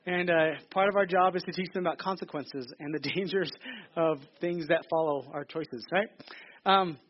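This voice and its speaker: Preaching in a theater, this man in his thirties keeps things jokey and conversational, frequently starting his sentences over. He speaks at a normal pace in a voice on the high side, captured in a slightly dull lo-fi recording.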